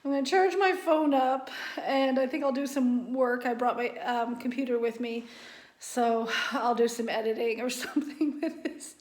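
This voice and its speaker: A woman's voice: on the high side, moderate pace, a little mellow, echoey room. A woman vlogging about her day in a casual, rambling way, often laughing. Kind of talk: casual vlog narration. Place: home kitchen.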